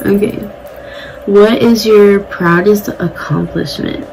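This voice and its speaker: A woman's voice: mid-range voice, a little slow, darkish tone, slight background noise, poor audio. A young woman chatting casually and bluntly while doing her makeup at home, swearing now and then. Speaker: beauty vlogger. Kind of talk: casual get-ready-with-me chat. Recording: music playing behind the voice. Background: music.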